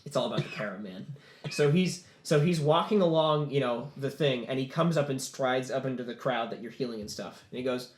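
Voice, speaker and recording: A man's voice: medium pitch, brisk, roomy sound, a little hiss or hum. A man running a tabletop game as game master, narrating scenes in a rambling way and restarting his sentences.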